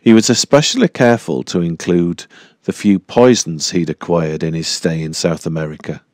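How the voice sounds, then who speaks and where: A man reading a horror audiobook in a measured, deliberate storytelling manner. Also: sits low, a little mellow, no echo, studio quality. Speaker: audiobook narrator. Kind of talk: scripted horror narration.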